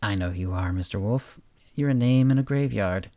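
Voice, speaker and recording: A man reading a story aloud, voicing a calm, confident man who taunts a prisoner. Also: on the low side, a little fast, no echo, close to an everyday voice. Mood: calm menacing.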